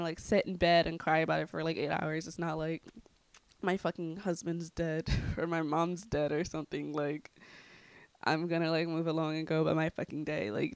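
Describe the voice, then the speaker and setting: A young woman vlogger telling a casual story, chatty and full of fillers, with dark jokes. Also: on the low side, creaky, dry recording. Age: young adult. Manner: chatty, filler-heavy, darkly joking.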